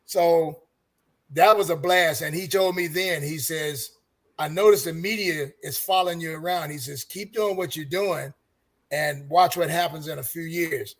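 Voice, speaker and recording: A man's voice: a little high, unhurried. An older man, a longtime super fan, telling earnest stories on a fan roundtable and giving life advice. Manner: earnest, preachy, gives advice. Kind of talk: casual storytelling.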